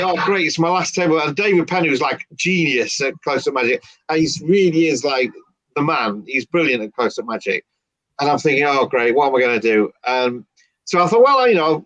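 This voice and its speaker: A man's voice: mid-range voice, no room sound, rough recording. A man, a magician, telling a story casually and acting out the dialogue. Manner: animated, acts out dialogue. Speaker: guest magician.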